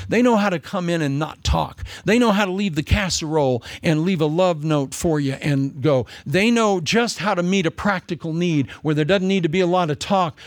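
A male pastor preaches in a lively, chatty way with a fairly high voice that swings up and down. He repeats phrases for emphasis and drops into jokes. The sound is close and dry. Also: no echo. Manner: animated, humorous, conversational, with repetitions. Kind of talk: sermon.

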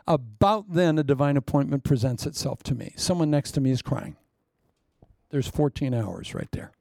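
A man's voice: medium pitch, expressive, normal speed, creaky, a little mellow, no echo, clean studio sound. An older man preaching as a pastor, telling humorous stories with a jokey, self-mocking manner and acting out quotes. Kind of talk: humorous storytelling sermon.

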